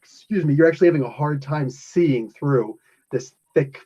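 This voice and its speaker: A man's voice: a little high, moderate pace, mellow, breathy edge. A man from New Jersey, the game master, narrating a tabletop game in a rambling, chuckling way with many fillers. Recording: dull lo-fi sound.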